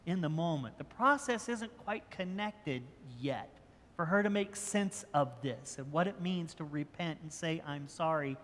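An older male pastor preaches in a relaxed, conversational way, stumbling over and repeating little words as he goes. His voice sits a touch high for a man. It rings out through a church sanctuary with a long, echoing reverb. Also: slight background noise. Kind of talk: sermon.

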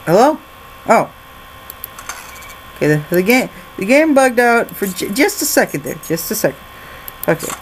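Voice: mid-range voice, sing-song, moderate pace, long pauses, a little hiss or hum, low-quality recording. A gaming channel host giving jokey let's-play commentary while reading game documents aloud.

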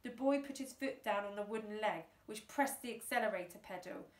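A woman teacher reading a children's book aloud, lively and acting out the characters. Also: fairly quick. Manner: lively, voices characters with big pitch jumps. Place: classroom or home, self-filmed. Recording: echoey room.

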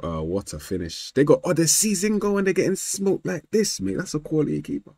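A young man streaming a football manager game, excitable and slangy, yelling at the match and trash-talking his friend. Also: a little high, a little fast, gravelly, breathy edge, no room sound, studio quality. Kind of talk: casual gaming banter.

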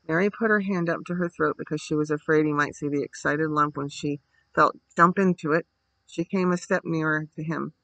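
Guy reading a bedtime story, kinda gravelly, bright, dry sound. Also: on the high side, fairly even intonation, fairly quick, no room sound, low-quality recording.

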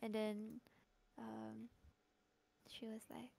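A woman's voice: a little high, completely flat delivery, extremely slow, creaky, mellow. A young Singaporean woman streamer, playful and giggly, chatting casually while gaming and rambling through stories with many fillers.

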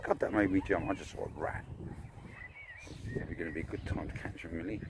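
A man chatting to his dog on a park walk, filming on a phone outdoors, talking casually and breaking into excitable bursts. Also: low-pitched, normal speed, long pauses. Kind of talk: casual vlog narration. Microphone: phone camera mic. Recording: noisy outdoor phone recording. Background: birds and ducks, outdoor ambience.

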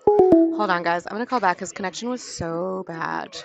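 A woman's voice: on the low side, creaky, over loud music. Bubbly woman streamer, lo-fi audio. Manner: bubbly and giggly, thanking viewers in quick bursts. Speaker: livestream host. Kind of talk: casual livestream chat.

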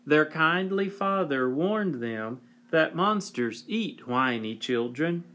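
A man with a fairly high voice reads a children's picture book aloud, slow and unhurried. His delivery is gentle and playful, meant for young listeners. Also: lively intonation. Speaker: storybook reader.

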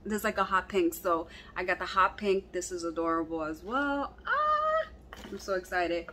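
Gushing excitable woman unboxing gifts. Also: lowish voice, moderate pace, slight background noise. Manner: gushing, excitable, repeats "so cute". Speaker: vlogger unboxing fan mail. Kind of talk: casual unboxing chat.

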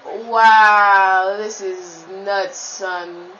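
A woman giving live commentary while playing a football video game, trash-talking her opponent and breaking into sudden high shouts. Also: steady tone, very slow, muffled recording.

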